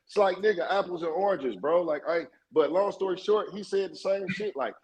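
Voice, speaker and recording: A man, a guest in a casual interview, telling a story in a streetwise and profane way, getting more animated as he goes. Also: high-pitched, normal speed, slightly rough, poor audio.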